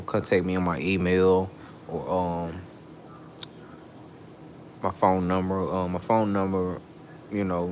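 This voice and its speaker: A vlogger with a low-set voice rants angrily straight to camera, swearing freely. When he gets worked up, his voice leaps sharply, and a faint hum sits underneath.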